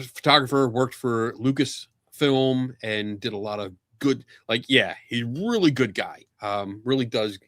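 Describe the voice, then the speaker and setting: A man hosting a podcast, telling a casual anecdote, animated and laughing often, acting out other people's lines. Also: fairly low pitch, no room sound, clean studio sound. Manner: animated storyteller, laughs often, acts out quotes. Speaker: podcast host.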